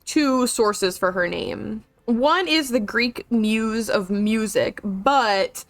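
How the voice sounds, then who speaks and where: A woman streaming a video game live, chatting excitably, swearing and joking as she comments. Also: a little high, takes it slowly, dry recording.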